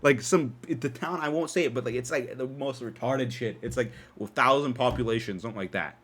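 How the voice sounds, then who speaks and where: A young man hosting a podcast from his dark room at home, telling a story in an animated, profane way and laughing often. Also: medium pitch, a little fast. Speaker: podcast host. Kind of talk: casual storytelling.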